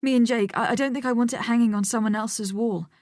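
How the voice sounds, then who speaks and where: A young woman art student from an audiobook, pleading, her voice on the edge of cracking, as the woman narrator voices her. She sits a little higher than the narration and is recorded dry and close. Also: fairly even intonation, fast, darkish tone, no echo, lightly acted. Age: young adult. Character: young female art student, emotional and protective. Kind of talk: audiobook character voice.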